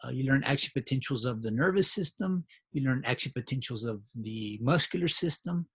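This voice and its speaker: A man's voice: mid-range voice, lively intonation, brisk, husky. A man teaching a biology review lecture in a conversational way, often checking in with his students and restarting his phrases. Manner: conversational, frequent "right?" check-ins and restarts. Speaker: biology instructor. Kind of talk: recorded lecture.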